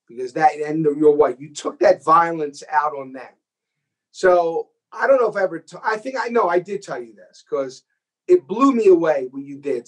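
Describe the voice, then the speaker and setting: A man interviewing an actor, animated and enthusiastic, acting out scenes as he tells the story. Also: fairly high pitch, poor audio. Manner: enthusiastic, acts out quoted scenes. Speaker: host and filmmaker.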